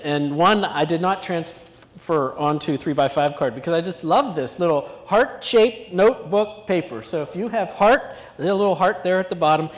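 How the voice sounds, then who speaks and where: A man moderating a conference panel, talking in a jokey, teasing, conversational way. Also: on the high side. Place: large conference hall. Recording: echoey hall, faint noise.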